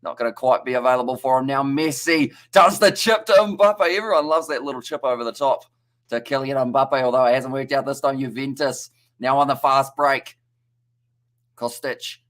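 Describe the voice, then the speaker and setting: A young New Zealand man talks through a football match as he watches it live, in a relaxed, chatty play-by-play. He stumbles over tricky player names and reads out viewer comments between the action. His voice sits at an everyday middle pitch. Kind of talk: casual live reaction commentary.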